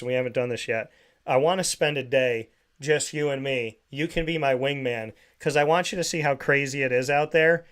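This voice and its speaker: A man hosting a sports talk show, telling a story in casual chat and acting out the voices of the people in it. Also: medium pitch. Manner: animated storyteller, acts out quoted voices. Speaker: show host. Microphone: studio microphone.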